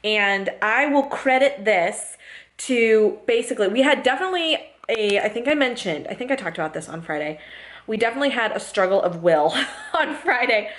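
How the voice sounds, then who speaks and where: A woman's voice: fairly high pitch, lively intonation, moderate pace, a bit bright. A young woman vlogging in casual chat, chatty, laughing often and putting on voices when she quotes people.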